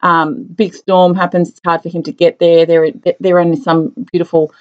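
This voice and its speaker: A woman's voice: on the low side, moderate pace, lo-fi sound. A woman co-hosting a podcast, chatting casually about movies and acting out scenes. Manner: animated retelling, acting out movie lines. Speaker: podcast co-host.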